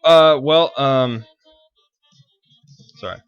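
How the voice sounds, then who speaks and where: A man's voice: medium pitch, drawn-out words, clean tone, no echo, highs cut off, faint music behind. A man co-hosting a casual talk show, rambling and hunting for words. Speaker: podcast co-host. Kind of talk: casual chat.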